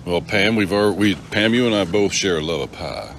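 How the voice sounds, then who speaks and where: A man's voice: sits low, expressive, brisk, fairly bright tone, slight background noise. A middle-aged man hosting a casual live stream, rambling and joking as he greets viewers by name.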